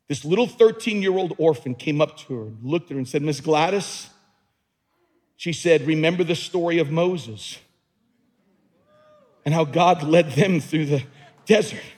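A man preaching a dramatic sermon as a pastor in a church, building to loud emphatic peaks. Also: a little high, moderate pace, pauses often. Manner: dramatic preaching, rising to near-shouts on key words. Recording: long hall reverb.

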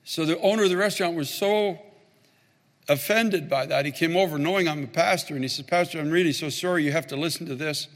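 A man's voice: on the high side, quick pace, big-room sound. A man, a pastor, telling a story in a sermon and building to fervent, emphatic preaching.

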